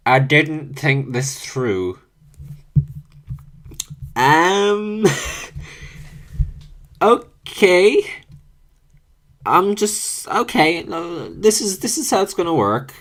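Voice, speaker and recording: Slow, musing man with lively pitch. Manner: musing, halting, self-correcting. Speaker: video creator. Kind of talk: thinking aloud while rolling up characters.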